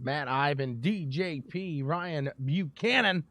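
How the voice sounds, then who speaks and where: High-voiced, excitable male race commentator. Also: a little slow, hardly any pauses, dry recording. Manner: energetic, chatty, jokes with chat viewers. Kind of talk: live sim racing commentary.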